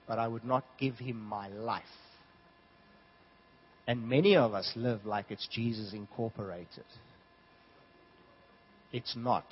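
A man from South Africa preaching a sermon, telling stories in an animated way that swings from hushed to loud. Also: medium pitch, slight background noise. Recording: dull lo-fi sound.

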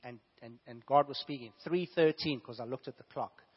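The husky, medium-pitched voice belongs to a pastor preaching at normal speed despite a fever and sore throat. Hushed asides give way to loud, emphatic exclamations, all captured in dull, lo-fi sound echoing long through a church hall.

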